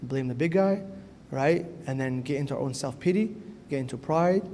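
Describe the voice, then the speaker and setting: A priest gives a sermon to a youth gathering in a church, earnest and conversational, often asking "right?" His mid-range voice has a dark tone and normal speed. The recording echoes through a church hall with faint noise.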